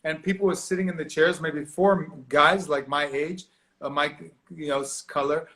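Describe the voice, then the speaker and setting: Man, fairly high voice, lively storyteller, acts out voices, video call. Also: normal speed. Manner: animated, acts out quoted voices, laughs often. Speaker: actor guest. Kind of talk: storytelling interview.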